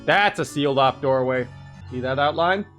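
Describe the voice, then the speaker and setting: A man casually commenting on a video game as he plays, joking and animated, often laughing. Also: medium pitch, moderate pace, highs cut off. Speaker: gaming channel host. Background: faint game music.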